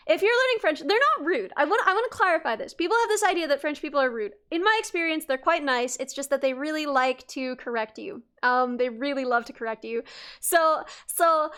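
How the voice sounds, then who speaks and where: A woman's voice: sits high, brisk, fairly bright tone. A young woman livestreaming, chatting casually with her viewers in a rambling way, with lots of restarts and fillers and frequent laughs. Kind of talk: casual chat with stream viewers.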